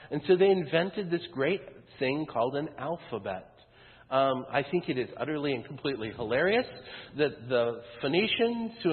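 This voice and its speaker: A male pastor gives a casual, joking sermon full of ums and asides. The sound is thin and phone-like, with long reverb from a church sanctuary. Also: mid-range voice. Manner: conversational and wry, with frequent ums.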